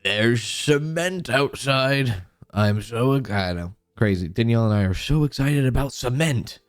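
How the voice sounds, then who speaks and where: A man's voice: medium pitch, moderate pace, darkish tone, faint music behind. A man streamer in casual livestream chat, greeting viewers by name and trailing off into restarts.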